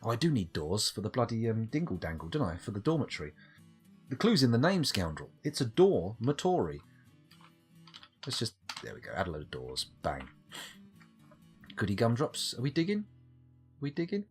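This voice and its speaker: A man's voice: fairly low pitch, huge pitch swings, normal speed, pauses often, husky, soft background music. A man chatting wryly with his live chat while playing a game, rambling from thought to thought. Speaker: streamer.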